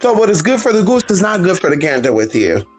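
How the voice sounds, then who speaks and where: A woman's voice: fairly low pitch, very animated, fast talker, a little mellow, slightly rough, faint music behind, rough recording. A woman giving a sassy, blunt and profane vlog monologue, calling listeners honey and girl and talking back to imagined critics. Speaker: vlogger. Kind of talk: casual opinionated monologue.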